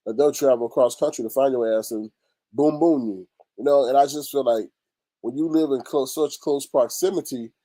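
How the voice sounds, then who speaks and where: A man hosting a casual commentary show, talking in a loose, animated, slangy way. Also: mid-range voice, moderate pace.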